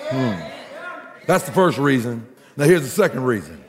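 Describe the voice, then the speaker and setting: A man preaching a sermon in an animated, humorous way that builds to shouted crescendos. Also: mid-range voice, normal speed, long reverb tail, a crowd in the background.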